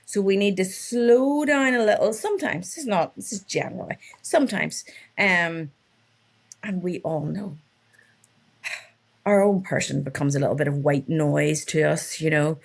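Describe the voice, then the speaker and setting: A woman's voice: mid-range voice, moderate pace, gravelly. A woman, a relationship coach telling stories in a casual interview and acting out her clients' lines.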